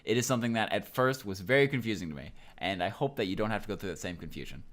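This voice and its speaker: Low-voiced man teaching casually. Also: very fast. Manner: relaxed, chatty explaining with fillers. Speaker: Japanese teacher. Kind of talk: casual online lesson.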